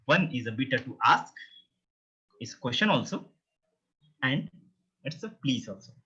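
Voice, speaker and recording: A man's voice: mid-range voice, big pitch swings, a little slow, pushed and bright, slightly rough. A man teaching a beginner language lesson, patiently repeating each word many times and explaining pronunciation step by step. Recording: dull lo-fi recording.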